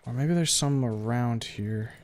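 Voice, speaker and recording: A man's voice: mid-range voice, unhurried. A man streaming a video game, thinking aloud in a casual way with the odd swear. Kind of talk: live gameplay commentary.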